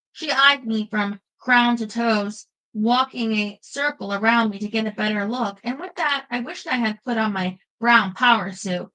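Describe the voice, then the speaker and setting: A woman giving a lively first-person audiobook narration. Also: on the high side, normal speed, few pauses, low-quality recording.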